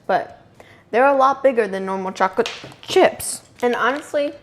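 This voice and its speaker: A woman's voice: mid-range voice, a little hiss or hum. A young woman hosting a casual home baking tutorial, chatty and self-amused, talking while she works in her kitchen. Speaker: home baking video host. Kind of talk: casual cooking tutorial narration.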